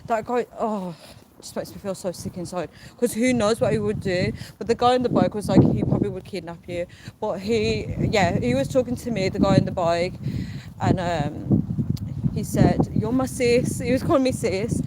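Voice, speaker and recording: A young woman with a British accent talks into her phone as she walks outdoors at night. She retells what happened in a rush of asides and quoted lines. Traffic noise runs clearly under her voice. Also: medium pitch, moderate pace. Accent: British English. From United Kingdom. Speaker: livestream vlogger. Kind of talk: casual livestream storytelling. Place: outdoors on a city street at night. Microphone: phone held while walking. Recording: noisy street traffic behind. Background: passing traffic.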